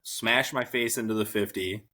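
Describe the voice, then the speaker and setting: A man co-hosting a casual chat, wry and profane in a deadpan way. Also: lowish voice, normal speed. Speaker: podcast co-host, army veteran.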